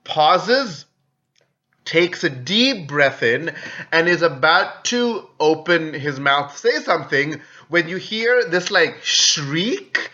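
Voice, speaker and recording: A man runs the game as game master and tells the scene with animated energy, laughing easily. His voice is bright and forceful and sits a little high. The recording sounds slightly dull and lo-fi. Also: slow. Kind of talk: narrating a tabletop game.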